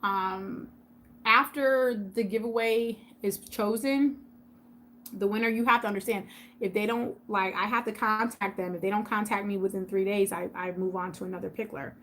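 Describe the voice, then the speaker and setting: A woman's voice: medium pitch, steady tone, normal speed, a bit bright, a little hiss or hum. A woman hosting a casual live stream, chatting with viewers by name and repeating points for emphasis. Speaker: YouTube host on a livestream.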